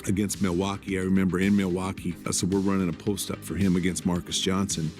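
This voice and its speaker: A man calmly recounting a story in an interview clip. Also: low-pitched, quick pace, faint music behind.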